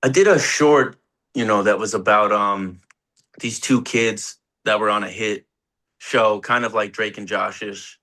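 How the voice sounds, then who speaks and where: This young man, an actor being interviewed, has a lowish, steady voice with a sharp tone and a measured pace. Chatting casually, he rambles through set stories, laughs a lot, and swears offhandedly.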